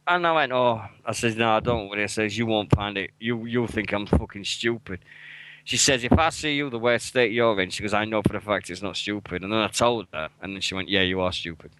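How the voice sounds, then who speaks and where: Low-ish and a little fast, the voice of this British-accented English co-host in his forties sounds bright, forceful and clean as he swears his way bluntly and emotionally through a casual radio chat. There's no room sound, though the recording is rough.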